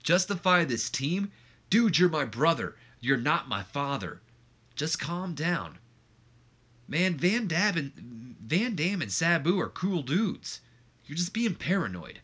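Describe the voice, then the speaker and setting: A man's voice: a little high, big pitch swings, slow, fairly bright tone, breathy edge, voice pushed up, exaggerated voice. A man voicing an exasperated young male wrestler arguing with his brother.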